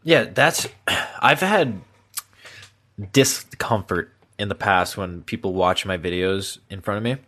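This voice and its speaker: A man's voice: lowish voice, lively intonation, slow, pushed and bright. A young man co-hosting a podcast, chatting casually and reflecting on putting himself out there. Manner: giggly banter, then reflective. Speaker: podcast co-host. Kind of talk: casual chat.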